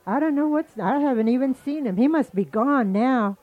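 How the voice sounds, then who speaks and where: A woman's voice: sits high, animated, moderate pace, no room sound, narrow, tinny audio, pitched above the performer's own voice. A woman doing a wheedling trickster rabbit. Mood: innocent. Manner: coaxing, wheedling. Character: sly pushy male rabbit trickster.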